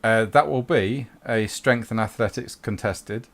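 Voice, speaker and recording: Brief: man game master, low voice, calm rulings. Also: unhurried, gravelly. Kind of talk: running a tabletop game.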